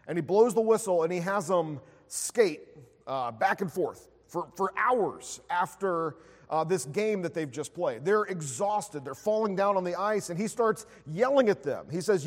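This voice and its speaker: A man's voice: high-pitched, lively intonation, moderate pace, darkish tone. A man preaching a sermon, opening in prayer and telling a story with frequent filler words. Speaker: pastor. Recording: long hall reverb.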